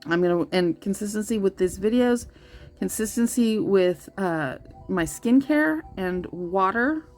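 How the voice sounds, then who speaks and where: A woman's voice: mid-range voice, lively intonation, unhurried, a little mellow, faint music behind. A woman in her thirties hosting a casual vlog, rambling with many fillers and restarts, gushing and easily moved. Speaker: tarot channel host. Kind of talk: casual coloring-and-chat vlog.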